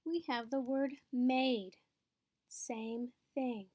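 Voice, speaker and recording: A woman's voice: a little high, fairly even intonation, very slow, darkish tone, no echo. A woman teaching a phonics lesson, explaining patiently step by step and checking in with her students.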